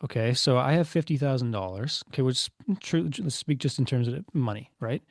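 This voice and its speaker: A chatty man in his thirties talks as a podcast guest, swapping into lively quoted voices as he tells his stories. His mid-pitched voice sounds close and dry, with fillers sprinkled through every thought. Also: a little fast, dry recording. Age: 30s. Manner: chatty, many fillers, acts out quoted dialogue. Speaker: podcast guest, business owner. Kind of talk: casual storytelling interview.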